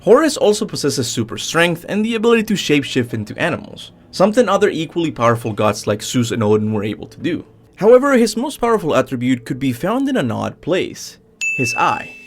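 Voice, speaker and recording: Man with a lively, swooping delivery. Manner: lively, swooping pitch with upbeat emphasis. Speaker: gaming channel host. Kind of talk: scripted top-ten video commentary.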